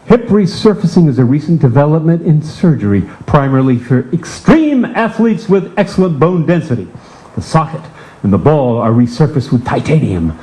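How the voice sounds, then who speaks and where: A man's voice: fairly high pitch, very animated, normal speed, warm tone. An older man reading his own comic story aloud with wry, theatrical narration. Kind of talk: comic storytelling to a live audience.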